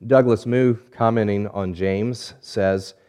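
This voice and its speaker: A man preaching a sermon, measured and deliberate, stretching key words and letting phrases fall quiet at the end. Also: steady tone, smooth. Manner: drops low and quiet at phrase ends. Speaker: pastor.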